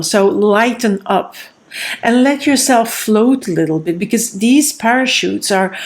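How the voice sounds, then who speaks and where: A woman's voice: medium pitch, darkish tone. A woman giving a tarot card reading, offering earnest, repetitive advice straight to her viewers. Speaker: tarot reader.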